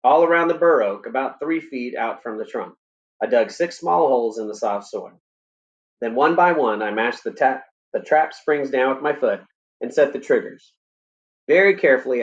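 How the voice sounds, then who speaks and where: A male teacher reading a novel aloud in a steady, plain way, with small stumbles and brief teaching asides. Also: medium pitch, lo-fi sound.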